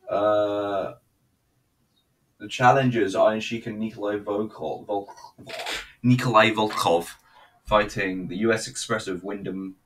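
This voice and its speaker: A man's voice: sits low, pushed and bright, slight background noise, rough recording. A man giving a casual, rambling, sweary running review while he watches a video.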